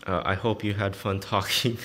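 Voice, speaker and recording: A man's voice: lowish voice, level tone, normal speed, fairly bright tone, a little hiss or hum. A man reading farewell notes aloud, mixing Korean phrases into casual English and laughing often, emotional and teary. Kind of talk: casual chat.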